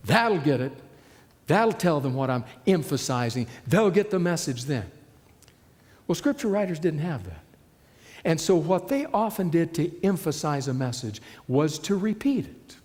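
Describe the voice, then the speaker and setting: A man's voice: on the high side, very animated, unhurried. Preacher man in a reverberant hall. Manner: dramatic shifts between loud and hushed delivery. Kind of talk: sermon.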